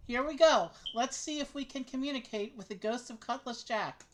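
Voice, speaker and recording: A woman's voice: fairly high pitch, moderate pace, a little hiss or hum. A woman playing a game with a friend, reading dialogue aloud with wry comments. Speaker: co-host of game stream.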